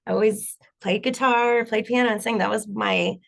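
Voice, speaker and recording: A woman singer and bassist chatting in an interview, rambling with lots of fillers. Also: fairly even intonation, normal speed, gravelly. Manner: rambling, many fillers, laughs often. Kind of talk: casual interview chat.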